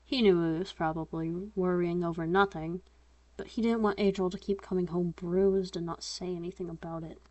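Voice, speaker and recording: A woman's voice: on the low side, dry recording. Woman casually reading her own story. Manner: reads narration and dialogue in her own voice, breaks off to comment and laugh at herself.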